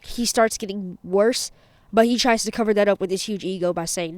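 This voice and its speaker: A woman's voice: medium pitch, a little fast, dry recording. A woman hosting her channel, telling a fan-fiction story in a chatty, rambling way and correcting herself as she goes.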